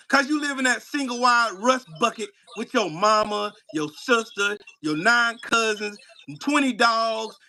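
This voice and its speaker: High, bright-voiced man ranting on stream. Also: slight background noise. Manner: taunting, profane, trash-talking. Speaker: live stream host. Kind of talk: profane live-stream rant. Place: home streaming setup.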